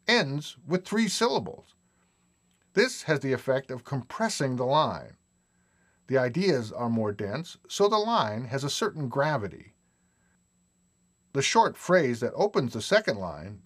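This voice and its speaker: A man giving a scripted lecture narration with measured, explanatory delivery and emphatic lists. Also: medium pitch, big pitch swings.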